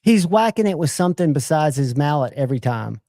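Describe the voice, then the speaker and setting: A man's voice: a little high, big pitch swings, fairly quick, mellow, dry recording. A middle-aged man hosting a livestream, chatting casually and joking as he tells rambling stories. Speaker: livestream host.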